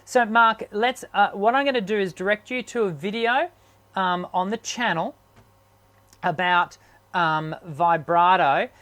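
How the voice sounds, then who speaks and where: A man with a high-pitched, somewhat bright voice hosts a live online chat as a singing teacher. He is sick and his voice sounds strained, so he speaks haltingly with lots of ums and restarts.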